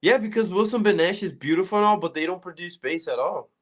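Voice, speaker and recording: A man's voice: sits high, quick pace. A man co-hosting a casual chat, blunt and opinionated, with a slangy, offhand way of talking. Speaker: co-host.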